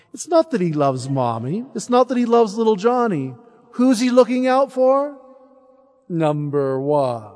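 A man with a high voice, preaching a sermon and telling a story in an animated way. His voice rings with a long reverb, as if from a large church. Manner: animated, acts out story characters. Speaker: preacher at a parish mission.

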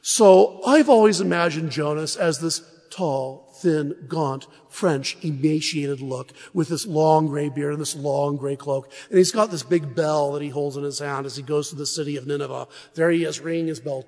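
A man preaching a sermon at a parish mission, telling Bible stories in a lively, humorous way. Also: fairly high pitch, normal speed, few pauses, big-room sound. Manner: animated storytelling with humor.

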